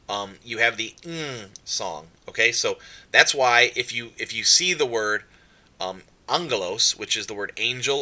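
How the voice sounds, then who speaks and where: A man's voice: mid-range voice, expressive, measured pace, sharp tone. A man teaching Greek letters and accents in a casual way, often repeating himself and saying um. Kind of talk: explaining at a whiteboard.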